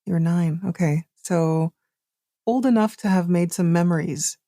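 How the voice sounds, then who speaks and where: A woman's voice: on the low side, normal speed, dark tone, no echo, studio quality. A woman hosting a podcast interview, asking curious questions and affirming her guest. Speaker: podcast host.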